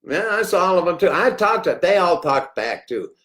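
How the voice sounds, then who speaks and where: A middle-aged man hosting a rambling livestream, jokey and swinging between loud outbursts and hushed asides. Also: sits high, very animated, normal speed. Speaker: livestream host.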